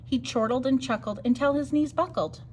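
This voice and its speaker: A woman reading a rhyming picture book aloud for storytime, sing-song and expressive. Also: high-pitched, brisk, slight background noise. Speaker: storytime reader.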